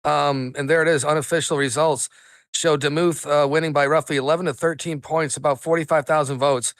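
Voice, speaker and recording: A man's voice: a little high, steady tone, a little fast, fairly bright tone, no echo. A man co-hosting a podcast, chatting in a laid-back way and saying dude often. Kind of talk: casual political chat.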